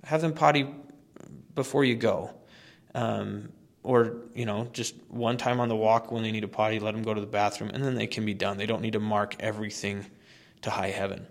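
A man's voice: lowish voice, steady tone, brisk. A man who trains dogs, giving advice on a podcast in a conversational, emphatic way with fillers and restarts. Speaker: dog trainer. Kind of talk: instructional podcast talk.

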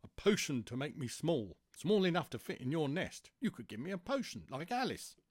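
A man's voice: on the high side, big pitch swings, moderate pace, breathy edge, dry recording, clean studio sound, pitched above the performer's own voice. A man voicing a curious, eager little girl in a storybook. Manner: eager, inquisitive.

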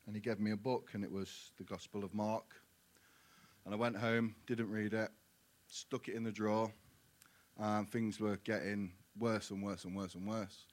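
A man giving his personal testimony in church, earnest and halting. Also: on the low side, level tone. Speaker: guest sharing his testimony. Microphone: handheld mic.

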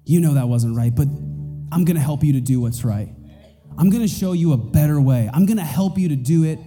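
A man voicing the Holy Spirit as a gentle, encouraging male presence, in a reverberant hall with faint music. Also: a little high, fairly quick, voice pushed down, natural voice. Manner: tender, reassuring.

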